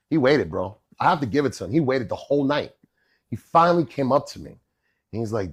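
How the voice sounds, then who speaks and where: A middle-aged man, a chef and podcast guest, telling stories in a casual, animated way and often checking in with "bro" and "right?". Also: mid-range voice, fast, slightly rough. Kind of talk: casual storytelling chat.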